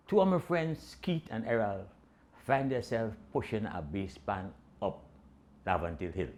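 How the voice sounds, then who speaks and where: An older Trinidadian man spins a comic yarn in rich island dialect. His pitch leaps and dips all over as he acts out each character. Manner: animated Caribbean-dialect storytelling with voiced quotes. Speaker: storyteller. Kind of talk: comic storytelling.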